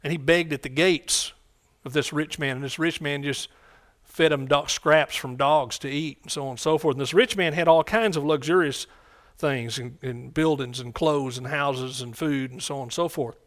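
A man's voice: fairly high pitch, moderate pace, a bit bright. A man preaching a sermon in a conversational way, often repeating phrases and asking the congregation questions.

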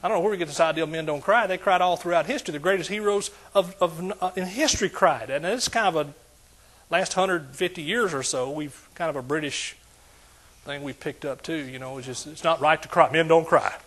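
A male pastor preaches a sermon briskly in a slightly raised, husky, somewhat breathy voice. Addressing the congregation directly with call-and-response, he often swells into loud exclamations and shouts.

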